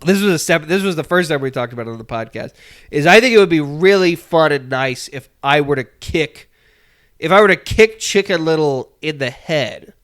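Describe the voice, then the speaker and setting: A young man co-hosting a comedy podcast, telling absurd stories in a rambling, deadpan way. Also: a little high, moderate pace. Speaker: podcast co-host. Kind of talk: casual comedic podcast chat.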